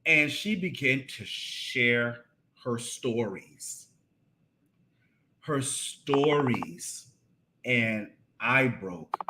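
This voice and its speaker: A man co-hosting a marriage podcast, talking in an animated, casual way and often repeating and restarting his phrases. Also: medium pitch, extremely slow, a little hiss or hum. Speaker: podcast co-host. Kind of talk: casual conversation about marriage.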